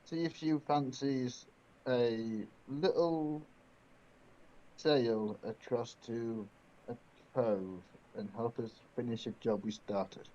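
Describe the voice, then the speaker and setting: A man playing in a tabletop game, speaking in a measured, dry way. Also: mid-range voice, steady tone, mellow, highs cut off. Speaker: player.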